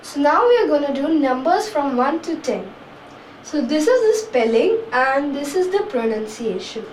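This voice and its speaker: A young woman hosting a beginner French lesson, speaking clearly and repeating each word for her learners. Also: high-pitched, big pitch swings, normal speed, darkish tone, slight background noise. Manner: spells out and repeats words. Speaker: French language teacher. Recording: echoey room, voice a bit far from mic.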